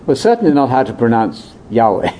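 A man leading a conversational Bible discussion, explaining in an animated way that jumps between high and low pitch. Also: fairly quick, a little hiss or hum. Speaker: Bible teacher.

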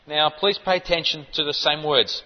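A fairly high-pitched man preaches with emphatic insistence, firing rhetorical questions at his listeners. His voice rings out with a long reverb in a large hall. The sound is muffled and dull. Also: fairly even intonation, normal speed. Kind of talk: sermon.

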